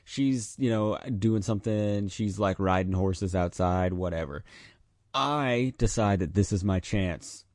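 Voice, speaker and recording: A man telling a childhood story in casual chat, animated, with loud high bursts when he acts out his younger self. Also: measured pace, dry recording, clean studio sound.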